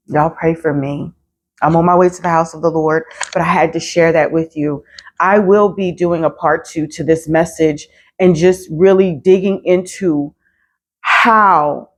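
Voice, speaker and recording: A woman in her forties giving a heartfelt, preacher-style vlog message, exhorting listeners and repeating phrases for emphasis. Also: lowish voice. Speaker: vlogger and property manager.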